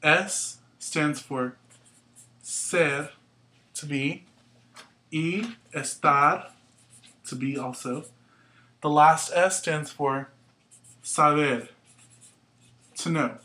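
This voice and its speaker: A man teaching a language lesson at a board, explaining patiently in a casual way, with fillers and quick self-corrections. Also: fairly high pitch, bright, forceful tone. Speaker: Spanish teacher.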